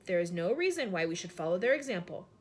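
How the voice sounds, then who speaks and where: A woman's voice: on the low side, sing-song, fast, slight background noise. A woman voicing a composed, firm queen who gives orders, read from a storybook. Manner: composed, commanding.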